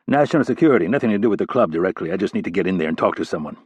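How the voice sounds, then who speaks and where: A man's voice: sits low, animated, very fast, a little mellow, slightly rough, dry recording. A man voicing a tough male government agent who speaks in a cool, clipped and assured way. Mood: cool, threatening. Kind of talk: audiobook character reading.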